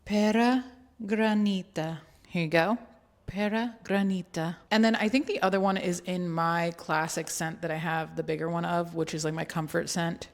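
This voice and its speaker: Chatty woman vlogger, slightly low voice. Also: steady tone, normal speed. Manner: playful and chatty, with joking asides. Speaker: beauty and travel vlogger. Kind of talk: casual chatty product walkthrough.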